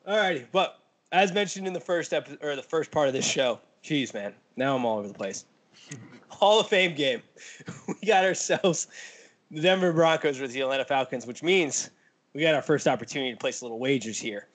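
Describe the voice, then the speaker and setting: A man's voice: on the high side, expressive, brisk, a bit bright. A man hosting a casual podcast, blunt and joking with mild cursing. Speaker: podcast host. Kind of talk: casual chat.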